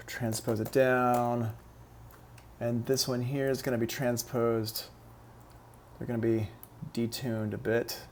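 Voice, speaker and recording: A man's voice: medium pitch, a little mellow. A man running a live-streamed music production class, talking students through each step in a casual, upbeat way.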